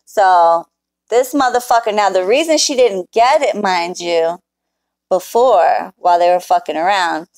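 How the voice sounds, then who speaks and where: A woman's voice: medium pitch, measured pace, darkish tone, dry recording, poor audio. Blunt, profane woman telling a story. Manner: profane, blunt, talks straight to viewers. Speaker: spiritual worker telling a client story. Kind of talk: casual storytelling to a live chat.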